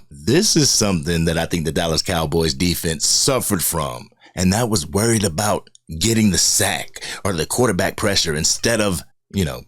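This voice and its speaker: A man with a very low, deep voice hosts his own football fan video. He talks bluntly in a casual, slangy way and gets animated when he makes a point. The sound is close and dry. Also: no room sound. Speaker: sports video host.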